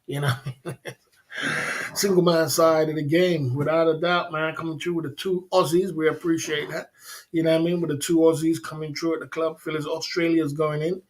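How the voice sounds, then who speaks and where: A man's voice: a little high, level tone, normal speed. A man hosting a livestream in casual chat, repeating his phrases, speaking in slang and laughing often. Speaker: livestream host.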